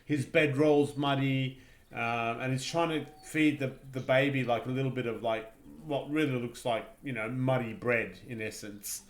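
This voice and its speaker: A man narrating a tabletop game as game master, rambling through his descriptions with halting restarts. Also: medium pitch, roomy sound.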